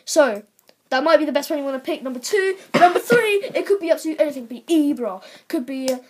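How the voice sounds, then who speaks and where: Excitable high-voiced young girl vlogging. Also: quick pace, slight background noise. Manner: excitable, chatty, exclaiming over results. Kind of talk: casual pack-opening commentary.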